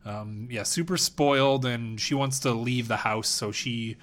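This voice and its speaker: A man's voice: medium pitch, steady tone, measured pace, fairly bright tone. Laid-back male podcast co-host. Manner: laid-back storyteller, drifting asides. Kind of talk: casual movie review chat.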